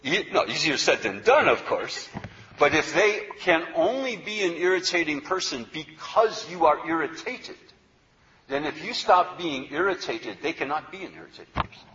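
A man with a high-leaning, expressive voice, pushed and bright, lectures a yoga philosophy class at a moderate pace. The recording is muffled; he's conversational, repeats words, and keeps asking "okay?"

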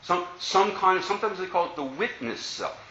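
A man's voice: high-pitched, fairly quick, sharp tone, slight background noise. A man teaching as a Buddhist teacher, giving a playful dharma talk to an audience and asking many rhetorical questions. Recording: roomy, slightly dull recording.

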